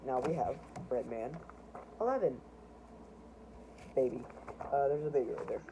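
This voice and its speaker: Young amateur comic artist, loose self-mocking ramble, steady hiss behind him. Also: male voice, medium pitch, normal speed. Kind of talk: casual show-and-tell narration. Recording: noisy home recording.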